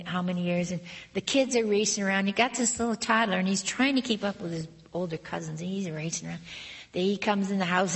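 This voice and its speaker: A woman giving a sermon in an earnest storytelling manner, with a husky voice, quoting God softly. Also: on the low side. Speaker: speaker.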